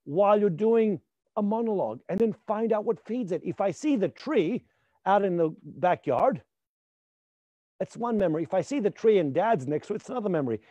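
A man teaching a live acting class, emphatic and repetitive, sometimes dropping to a hushed voice to demonstrate. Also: high-pitched, dry recording. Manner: emphatic, repeats points, drops to near whispers to demonstrate.

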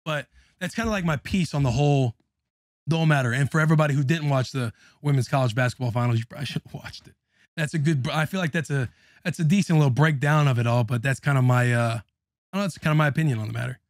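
A man's voice: mid-range voice, fast talker, dry recording, clean studio sound. A young man hosting a podcast, ranting in casual, profane chat. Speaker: podcast host.

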